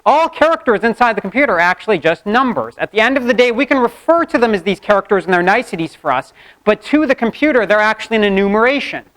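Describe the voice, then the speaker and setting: A man's voice: high voice, expressive, quick pace, a bit bright, rough recording. A man giving a university classroom lecture, mixing explanations with playful jokes and asides. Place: lecture hall.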